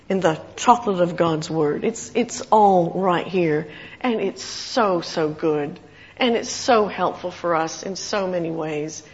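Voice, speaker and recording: Female preacher, storytelling sermon, mid pitch, slightly muffled audio with long hall reverb. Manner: storytelling with acted quotes, warm chuckles.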